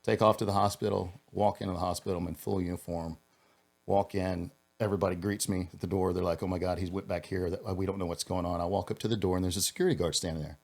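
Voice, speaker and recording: Deep-voiced man telling an earnest story. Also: steady tone, a little mellow. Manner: earnest, halting, with frequent restarts. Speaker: podcast guest, former police officer. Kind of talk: personal storytelling in a podcast interview.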